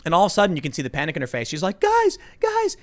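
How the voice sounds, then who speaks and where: A man hosting a political talk show, animated and chatty, acting out quotes in mocking voices. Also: a little high, racing. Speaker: podcast host.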